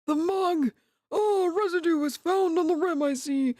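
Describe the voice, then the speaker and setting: A woman doing a flustered old male judge, voice pushed high. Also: a little slow, dark tone, no room sound, studio quality. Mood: startled. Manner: raised, quavering old-man voice.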